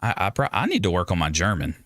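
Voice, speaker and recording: Male livestream host, lowish voice with a bright edge, rambling and jokey, dry close mic. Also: wildly swooping pitch, fast talker, no room sound. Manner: rambling, joking, self-interrupting. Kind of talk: casual livestream chat with viewers.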